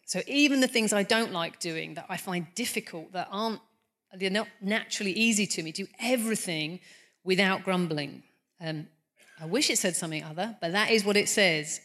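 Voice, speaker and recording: A middle-aged woman preaching in an earnest, chatty way. She often restarts her sentences and teases herself. Her voice sits at a middle pitch for a woman. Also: moderate pace, fairly bright tone. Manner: conversational, earnest, self-deprecating, frequent restarts. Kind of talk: sermon.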